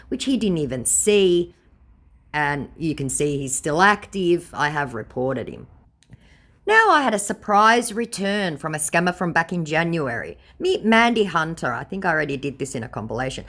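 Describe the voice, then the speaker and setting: A woman's voice: low-pitched, big pitch swings, moderate pace, a bit bright. A woman reading out chat messages in casual commentary, sarcastic and blunt. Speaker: scam baiter.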